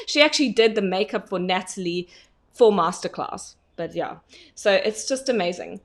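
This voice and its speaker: Woman, online coach, relaxed live-stream delivery, talky, quick to laugh, loose with fillers. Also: medium pitch. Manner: chatty, laughs often, many fillers. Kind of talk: casual live online training.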